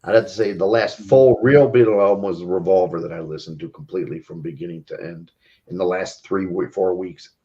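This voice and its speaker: A man's voice: sits low, a little fast, warm tone, husky, lo-fi sound. A man chatting casually as a livestream guest, reminiscing in an easygoing way. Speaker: chat guest. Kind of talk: casual chat.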